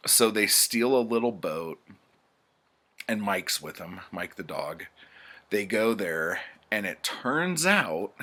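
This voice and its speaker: A man's voice: lowish voice, bright, forceful tone. A man casually recapping pulp stories in a rambling, profane way, with plenty of fillers. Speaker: book reviewer.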